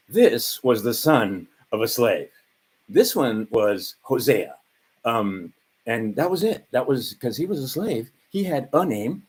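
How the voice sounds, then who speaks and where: Man, around 60, from Hawaii, husky, lively pitch, rambling profane vlog monologue. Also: poor audio. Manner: rambling, profane, with frequent fillers and laughing asides. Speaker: vlogger.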